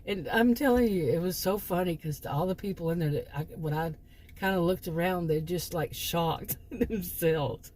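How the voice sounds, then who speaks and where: A woman's voice: fairly low pitch, dark tone, a little hiss or hum. A woman hosting her own channel, telling a personal story in a chatty, rambling way with frequent restarts. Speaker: channel host, former sociology teacher. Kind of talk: casual storytelling monologue.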